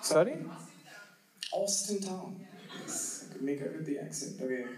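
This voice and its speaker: A young man from India performing stand-up comedy, animated and jokey, acting out quick bits of dialogue. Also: a little high. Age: 20s. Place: live comedy venue with audience.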